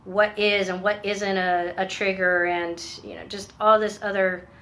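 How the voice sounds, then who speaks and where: A woman, a veteran finishing a treatment program, talks candidly in a personal vlog. She is earnest and reflective and often pauses and restarts. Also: medium pitch, little pitch movement, a bit bright.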